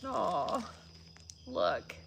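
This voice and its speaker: Opening gifts from viewers on a live stream, a vlogger chats casually and grows emotional, frequently near tears. She speaks very slowly in a fairly low, gravelly voice whose pitch swoops wildly. Crinkling and loud background noise run through the audio.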